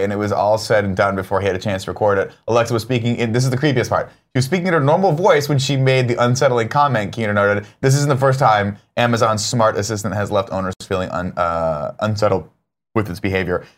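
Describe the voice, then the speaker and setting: A man's voice: on the low side, quick pace. Joking man hosting a morning show. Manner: joking, mock-alarmed, reads news aloud. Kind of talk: casual chat.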